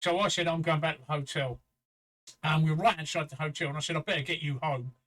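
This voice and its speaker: A man's voice: fairly high pitch, steady tone, fast talker, a bit bright, rough recording. An older man from England, co-hosting a casual livestream chat and telling a story in a chatty, profane way. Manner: chatty storyteller, swears freely, acts out quoted voices. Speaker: livestream co-host.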